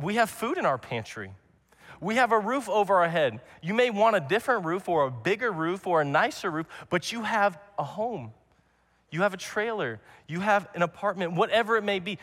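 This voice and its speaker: A man's voice: fairly high pitch, a bit bright. Earnest young man preaching in a reverberant hall. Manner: earnest, repetitive preaching with restarts. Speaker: pastor. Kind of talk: sermon.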